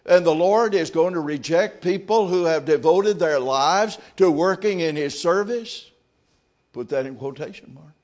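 A man preaching a sermon, reading scripture aloud and then commenting on it in quieter, reflective asides. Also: fairly high pitch, a little slow.

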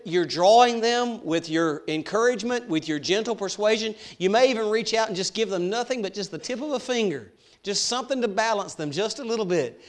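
A man preaching a sermon, swinging from hushed to loud and slowing down on key words. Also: high-pitched. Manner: dramatic swings from soft to loud, slows for emphasis.

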